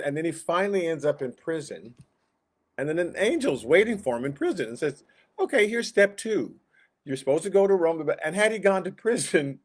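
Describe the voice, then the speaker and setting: A man teaching a Sunday school Bible class in a casual, conversational way, chuckling often and acting out quoted lines. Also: on the high side.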